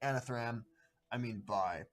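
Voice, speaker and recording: A man voicing a hostile drunk tavern brawler with a put-on Southern US drawl, speaking in slow, snarling threats. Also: medium pitch, voice pushed down, natural voice. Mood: sheepish.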